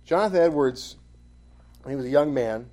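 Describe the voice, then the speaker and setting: A man preaching a sermon and closing in prayer, stressing key phrases with sudden loud emphasis. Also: medium pitch, moderate pace.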